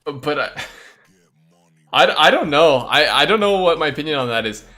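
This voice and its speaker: A man's voice: on the high side, expressive, moderate pace, sharp tone, soft background music. A man streaming a game, chatting casually and rambling candid opinions while reading chat aloud.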